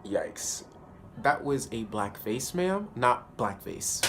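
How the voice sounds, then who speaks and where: A man giving a casual spoken review of a TV episode, animated and slangy, often laughing. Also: mid-range voice, takes it slowly, slight background noise. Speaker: TV show reviewer.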